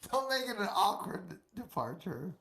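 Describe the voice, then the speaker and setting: A man's voice: high-pitched, sing-song, normal speed, vocal fry, pushed and bright. Rambling, swearing man on a stream. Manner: rambling, emotional, heavy swearing. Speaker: guest. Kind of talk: casual stream chat. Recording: live stream chat.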